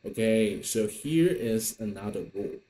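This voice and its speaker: A man's voice: lowish voice, animated, unhurried, warm tone. A man teaching an online lesson in English, patient and repetitive, with many fillers. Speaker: Mandarin teacher.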